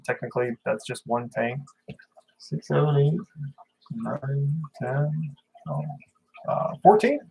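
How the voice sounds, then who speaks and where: A man's voice: medium pitch, vocal fry, rough recording. Casual male streamer, chatty and rambling, mid-range voice. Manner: rambling, chatty, reads viewer comments. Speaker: fish-keeping livestreamer. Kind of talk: casual livestream chat.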